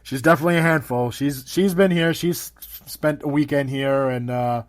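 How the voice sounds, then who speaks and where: A man's voice: medium pitch, normal speed. A man hosting a casual interview chat, rambling and laughing often. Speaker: podcast host.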